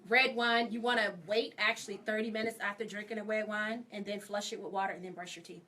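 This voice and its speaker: A woman's voice: mid-range voice, little pitch movement, fast, bright, forceful tone, a little hiss or hum. A woman dentist chatting casually as a guest, explaining things frankly and calling people "baby". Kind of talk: casual chat.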